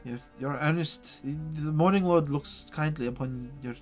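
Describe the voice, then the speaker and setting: A man voicing a gentle, troubled priest who speaks solemnly with many hesitant pauses. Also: on the high side, faint music behind, voice pushed up, close to an everyday voice. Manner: hesitant, solemn, faltering speech.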